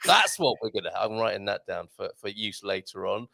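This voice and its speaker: A man's voice: on the low side, sing-song, fairly quick, creaky, pushed and bright. A man hosting a live morning show, chatting in a jokey way and laughing often. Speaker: host. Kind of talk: casual live show chat.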